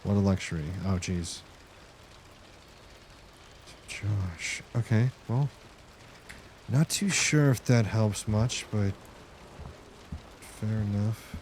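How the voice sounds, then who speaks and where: A man's voice: fairly low pitch, takes it slowly, pauses often, darkish tone, a little hiss or hum. A man streaming a game, rambling casually and chatting with viewers as he plays. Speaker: gaming streamer. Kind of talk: casual live-stream commentary.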